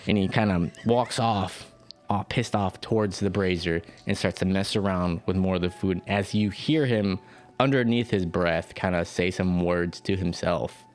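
A man's voice: low-pitched, normal speed. A man narrating as game master in a loose, casual way with lots of fillers.

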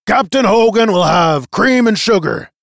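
A blustering boat captain with a gruff, commanding voice, as a male narrator puts him on. He talks loud and drawn out, barking orders in a dry, close storybook reading. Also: mid-range voice, expressive, measured pace, dry recording, exaggerated voice.

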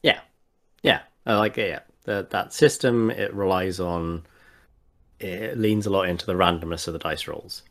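A man's voice: deep voice, normal speed. A man chatting casually about tabletop games, hesitant and full of fillers and restarts. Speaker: podcast guest.

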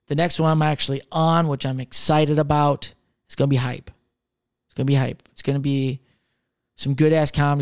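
Chatting loosely on his own comedy podcast, a young man wanders from topic to topic, swearing casually and laughing at his own jokes. His voice is a bit high, smooth, and clear, captured in a close, dry recording with no room around it.

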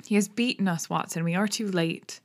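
A woman's voice: medium pitch, normal speed, close to an everyday voice. A woman reading the lines of an intense, commanding male Victorian detective, grave and clipped. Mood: urgent.

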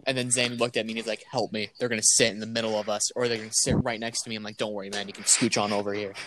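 Laughing young man telling a story. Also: on the low side. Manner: rambling, laughs a lot, quotes friends. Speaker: co-host. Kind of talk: casual storytelling chat. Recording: noisy home recording.

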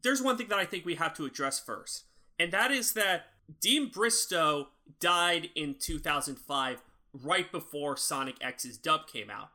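A man's voice: on the high side, lively intonation, measured pace, bright, forceful tone. A young man co-hosting a podcast, chatting casually with a critical, teasing edge. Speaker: podcast co-host. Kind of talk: casual chat.

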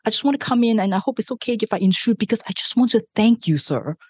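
A woman's voice: a little high, expressive, fast, darkish tone, husky, no room sound. A woman voicing a shy, overly polite man who says he is the devil, eager and apologetic, stammering.

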